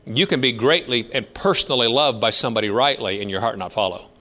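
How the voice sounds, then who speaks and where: A man's voice: mid-range voice, fast, bright, forceful tone. A man in his fifties preaching a sermon, telling stories in a conversational way with emphatic rises. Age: 50s. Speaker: pastor.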